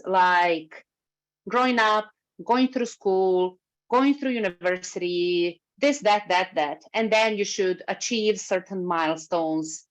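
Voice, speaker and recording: A woman giving a workshop talk over a video call, speaking in a lively way and moving as she talks. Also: medium pitch, slow pace. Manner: lively, moves while speaking. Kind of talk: webinar talk. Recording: slightly muffled video call recording.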